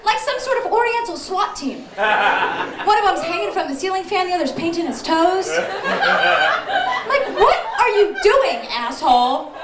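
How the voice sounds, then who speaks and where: A woman's voice: extremely high pitch, sing-song, a little slow, background noise. A young woman doing a stand-up comedy set in a small venue, brash, profane and self-mocking, taped on a camcorder from the audience. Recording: echoey room taped from far off.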